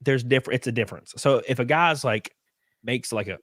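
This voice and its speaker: A tipsy man co-hosting a podcast, chatting crudely and animatedly, often laughing and breaking into high mocking voices. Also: a little fast, a bit bright, dry recording, clean studio sound. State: a little drunk. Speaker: podcast co-host. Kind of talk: casual crude banter.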